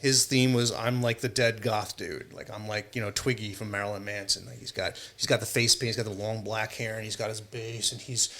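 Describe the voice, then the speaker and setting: A man with a New Jersey accent tells band stories as a podcast guest. He talks at an ordinary pitch and slips into quick impressions of other people as he goes. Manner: animated storyteller, mimics voices, laughs. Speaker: guest musician. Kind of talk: casual chat. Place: podcast studio.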